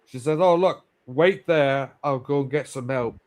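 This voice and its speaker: A man's voice: medium pitch, unhurried, darkish tone. A man on a livestream panel, rambling through a story with lots of fillers and swearing. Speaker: livestream guest. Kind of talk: casual chat.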